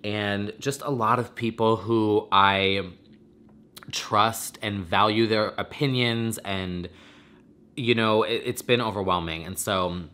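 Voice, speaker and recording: A man's voice: lowish voice, fairly even intonation, slow pace, sharp tone. A man hosting his own vlog, talking in a rambling, effusive and emotional way, teary and close to crying. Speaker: vlogger and podcast host. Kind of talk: casual emotional vlog monologue.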